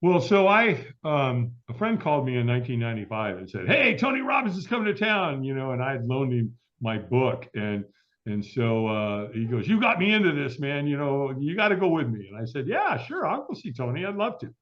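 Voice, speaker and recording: Animated middle-aged man telling a story. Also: medium pitch, fairly quick. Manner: animated storyteller acting out quoted voices. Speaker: guest. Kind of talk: storytelling interview. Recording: dull lo-fi audio.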